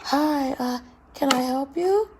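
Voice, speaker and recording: A woman's voice: slow, noisy background. A woman voicing a flustered, overly eager female shoe store clerk who stammers apologetically. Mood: chirpy. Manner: high, breathy, apologetic stammering.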